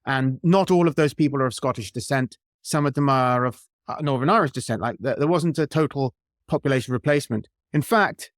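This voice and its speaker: A man's voice: mid-range voice, fairly quick, no room sound, studio quality. British man, opinionated casual guest. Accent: British English. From Britain. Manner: lively, opinionated, many restarts. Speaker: podcast guest. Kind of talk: casual interview chat.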